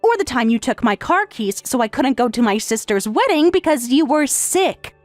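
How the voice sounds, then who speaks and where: A woman voicing a calm, sarcastic wife in a text-message story, speaking in a matter-of-fact way. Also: high voice, moderate pace, no echo, faint music behind. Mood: cool, sarcastic. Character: calm, sarcastic wife who has left her husband.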